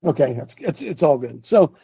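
A man leading a relaxed group discussion tells stories in a folksy, drawn-out way and keeps asking the group for agreement. His voice is husky and mellow. The sound is dry and close, as on a video call. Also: fairly high pitch, no echo. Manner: folksy, drawn-out storytelling with rhetorical asides. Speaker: host and Bible study leader called Coach.

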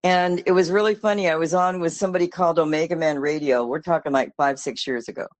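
A woman's voice: low-pitched, steady tone, fast talker, dry recording. Chatty female caller. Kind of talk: casual chat.

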